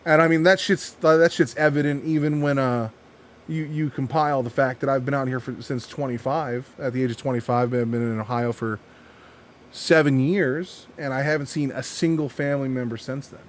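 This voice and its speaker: A man's voice: medium pitch, fairly even intonation, normal speed, slight background noise. A man talking in a casual podcast chat, candid, teasing and profane. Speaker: podcast co-host.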